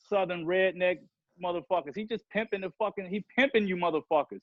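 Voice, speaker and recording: With a high voice and no echo, this podcast guest rapper rants angrily and swears, drifting from one grievance to the next. The sound is dull and lo-fi.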